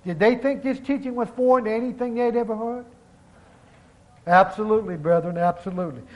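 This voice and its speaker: A man preaching a sermon, reading scripture aloud and stressing key words slowly, calling the congregation brethren. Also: very high voice, steady tone, highs cut off.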